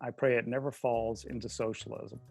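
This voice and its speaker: A man's voice: medium pitch, fairly even intonation, normal speed, creaky, husky, soft background music. A man hosting a casual interview over a video call, chatty and jokey, with plenty of filler words. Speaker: host.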